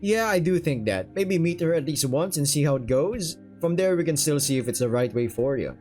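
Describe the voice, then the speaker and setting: A man voicing a calm, considerate young male protagonist in a visual novel. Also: fairly high pitch, fairly quick, soft background music, natural voice. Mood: gentle.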